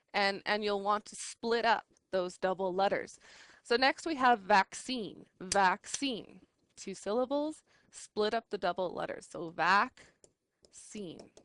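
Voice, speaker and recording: A woman's voice: medium pitch, fairly bright tone. A woman teaching an English lesson, explaining patiently and checking in often with the class. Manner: patient, slow, checks in with "right?".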